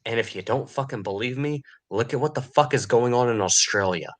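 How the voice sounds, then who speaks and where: A man's voice: medium pitch, brisk. A man delivering an angry, profane podcast rant, sneering and furious. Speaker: podcast host.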